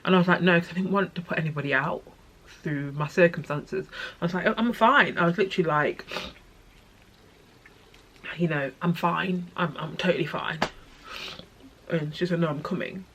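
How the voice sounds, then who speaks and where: A young woman telling a personal story in her vlog, tearful and halting, with many pauses and restarts. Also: lowish voice, a bit bright. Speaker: vlogger.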